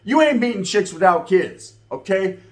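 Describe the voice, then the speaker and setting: A man telling a profane, slang-heavy street story in a comedic, animated way. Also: high-pitched, moderate pace.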